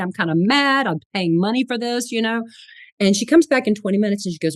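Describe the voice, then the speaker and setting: A middle-aged woman, a spiritual psychologist, telling her story in an interview with animated, laughing delivery. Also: mid-range voice, moderate pace, no room sound, studio quality.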